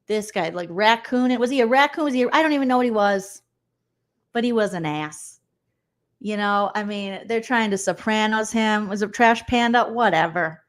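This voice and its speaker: A young woman comedian doing a sarcastic, animated recap vlog, acting out people in mocking voices. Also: mid-range voice.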